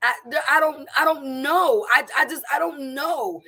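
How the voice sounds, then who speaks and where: A middle-aged woman with a somewhat high voice shares her personal testimony before a congregation. She speaks with deep emotion, stumbling and restarting, repeating words as she searches for them. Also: unhurried, few pauses, sharp tone. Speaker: church member giving testimony.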